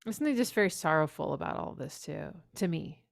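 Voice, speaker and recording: A woman's voice: deep voice, lively intonation, fast, creaky. A woman music teacher giving casual, enthusiastic feedback on a student's song, humming melodies along as she listens. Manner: enthusiastic, warm praise, hums melodies along. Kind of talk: casual spoken critique over playback. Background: music playing.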